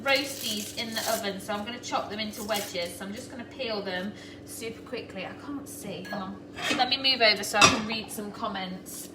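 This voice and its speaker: A chatty middle-aged woman with a high voice talks her viewers through a recipe, calling out hellos to people by name as she cooks. She sounds a little distant from the mic, in an echoey kitchen where pots and pans clatter clearly behind her. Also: background noise. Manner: chatty, greets viewers by name while cooking. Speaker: host of a live cooking stream. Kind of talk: casual live cooking demo. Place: home kitchen.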